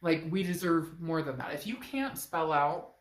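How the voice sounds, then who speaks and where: A woman's voice: low voice, lively intonation, moderate pace, echoey room. A woman with a stuffed-up nose giving a chatty, emphatic tarot reading straight to her viewers. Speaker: tarot reader.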